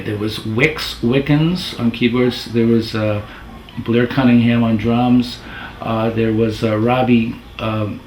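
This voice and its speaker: A middle-aged man, a former video editor, telling casual anecdotes in a rambling, self-correcting way. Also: mid-range voice. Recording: roomy with faint noise.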